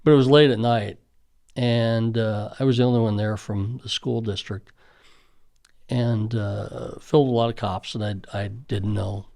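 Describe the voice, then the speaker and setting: A man's voice: on the low side, fairly even intonation, a little slow, creaky, darkish tone. A middle-aged man, a school safety official, earnestly reminiscing in conversational storytelling with frequent fillers.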